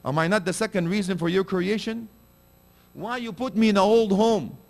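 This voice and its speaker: An aging mother pleads with her son, hurt and reproachful, her voice pitched high, as a man preaching voices her. The tone is insistent and heartfelt. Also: normal speed, gravelly, darkish tone. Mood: pleading.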